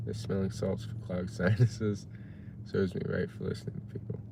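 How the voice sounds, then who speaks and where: A man's voice: low voice, flat delivery, moderate pace, gravelly, background noise. A man casually chatting on a livestream, musing and reading chat messages aloud from his parked car. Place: parked car while waiting for delivery orders.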